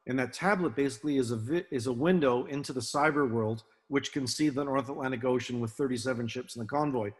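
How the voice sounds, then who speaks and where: An older man giving an illustrated talk to an audience, relaxed and anecdotal, with many fillers and restarts. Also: mid-range voice, fast, few pauses. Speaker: guest speaker, film naval advisor. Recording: long hall reverb.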